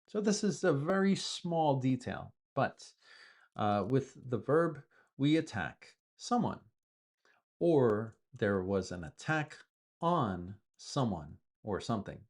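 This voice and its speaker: This native-speaking man teaches English slowly and very animatedly, patiently breaking down news vocabulary with repeated examples. His pitch sits in the medium range.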